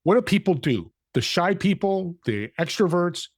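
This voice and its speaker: A man guest on a podcast, telling a story in an animated way and acting out the dialogue. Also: sits high, moderate pace, dry recording, studio quality. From California.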